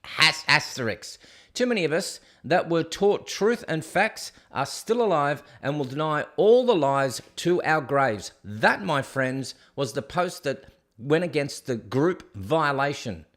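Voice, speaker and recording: A man's voice: on the high side, big pitch swings, a little slow, fairly bright tone. A middle-aged man with an Australian accent hosting a casual solo livestream, chatty and jokey as he rambles and reads viewer comments aloud. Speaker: host.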